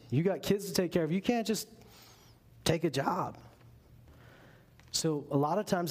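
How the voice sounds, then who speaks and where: A man with a high voice preaches a sermon. He talks to the room directly and leans hard on key phrases, like a pastor at the pulpit. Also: darkish tone. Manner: emphatic, conversational preaching.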